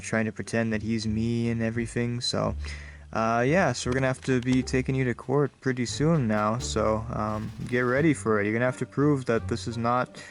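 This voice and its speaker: A sleazy lawyer who rambles along, a little lower and quieter than a normal speaking voice, as a man puts him on. He trails off, hesitates, and mumbles his way through his threats. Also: lightly acted. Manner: hesitant, mumbling, full of fillers. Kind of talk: comedy sketch.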